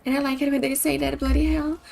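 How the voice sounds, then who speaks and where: High-voiced chatty woman streamer. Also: monotone, racing, vocal fry, darkish tone, slight background noise. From Brazil. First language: Portuguese. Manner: chatty, upbeat, giggly. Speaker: game streamer. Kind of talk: casual stream chat with game commentary.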